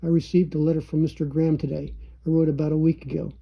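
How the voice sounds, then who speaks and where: Flat, gravelly man reading letters aloud. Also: on the high side, quick pace. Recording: dull lo-fi recording.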